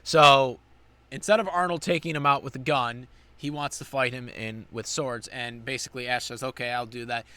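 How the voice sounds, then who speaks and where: An anime reviewer with a bright, forceful, mid-range voice gives a casual spoken recap of an episode at a moderate pace. He rambles, with many fillers and restarts, and there's no echo.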